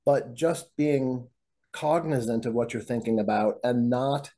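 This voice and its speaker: Man, mellow husky voice, podcast guest, reflective, explanatory. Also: mid-range voice, steady tone, a little slow. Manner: reflective, explanatory, with frequent fillers. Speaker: physician guest. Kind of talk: conversational podcast interview.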